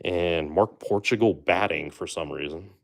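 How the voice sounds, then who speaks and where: A man hosting a live stream, chatting casually and making relaxed asides to his viewers. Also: low voice, moderate pace, vocal fry. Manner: chatty, relaxed, trails off with fillers and asides to chat. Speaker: livestream host opening baseball card boxes.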